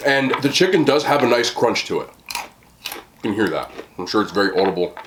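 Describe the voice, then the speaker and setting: A man's voice: fairly low pitch, animated, a little fast, fairly bright tone, slight background noise. Chatty man reviewing food while eating. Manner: chatty, talks while chewing, frequent fillers. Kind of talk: casual food review vlog. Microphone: desk mic.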